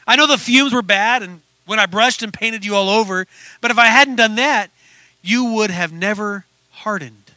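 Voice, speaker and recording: A man playing a patient, wise old male potter who speaks in a calm, gentle, reassuring way. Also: sits high, normal speed, no room sound. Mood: tender.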